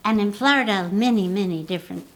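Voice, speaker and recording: An older woman from the US East Coast with a little squeaky voice, telling animated stories as a guest in a casual interview. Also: fast talker, rough recording. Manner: animated storyteller, laughs often. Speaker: guest actress.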